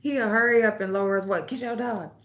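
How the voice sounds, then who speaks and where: A woman's voice: mid-range voice, steady tone, fairly quick, a bit bright. A woman hosting a casual chat, telling stories loosely with lots of laughing and swearing, and speaking. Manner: loose storytelling, laughs often, swears freely, reads comments aloud. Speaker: host.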